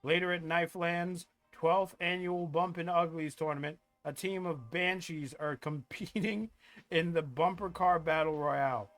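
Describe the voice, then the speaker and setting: High, bright-voiced male streamer. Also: fairly even intonation, measured pace, soft background music. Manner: reads game text aloud with joking asides and swearing. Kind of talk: live-stream game commentary.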